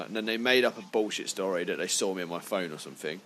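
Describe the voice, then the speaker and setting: A man's voice: on the low side, steady tone, fast, a bit bright, slight background noise. A young man co-hosting a podcast, telling stories in a casual chat, swearing freely and sounding indignant. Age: young adult. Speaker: podcast co-host.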